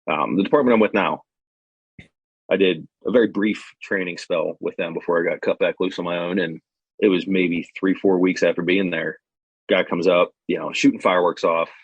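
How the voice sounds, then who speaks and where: Husky low-voiced man telling cop stories. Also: steady tone, moderate pace, no room sound, highs cut off. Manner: blunt, profane storytelling. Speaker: patrol officer guest. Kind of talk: casual podcast chat.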